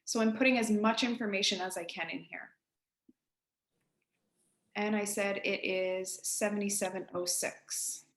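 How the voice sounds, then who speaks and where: A woman with an East Coast Canadian accent, a real estate agent giving colleagues a casual, direct software tutorial. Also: mid-range voice, steady tone, measured pace, long pauses, echoey room. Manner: chatty, direct, addresses listeners as guys.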